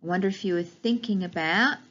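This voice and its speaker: A woman teaching a recorded phonics lesson to young children, giving slow, clear, encouraging instructions and drawing out each sound. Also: medium pitch, fairly bright tone, lo-fi sound. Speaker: primary school teacher.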